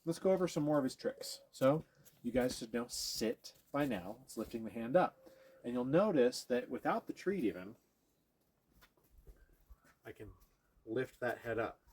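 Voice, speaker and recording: A man's voice: mid-range voice, lively intonation, moderate pace, pauses often, a little mellow, a little hiss or hum. A man teaching dog training, explaining each step to viewers while he works with a dog and breaks off now and then to praise or coax it. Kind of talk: hands-on training demonstration.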